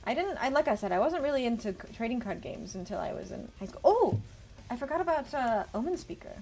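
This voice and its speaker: A woman's voice: on the high side, very animated, fast talker, darkish tone, faint music behind. A young woman streaming casually, chatting with her viewers and reading card text aloud as she builds a deck. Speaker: VTuber streamer. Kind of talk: casual livestream chat while deckbuilding.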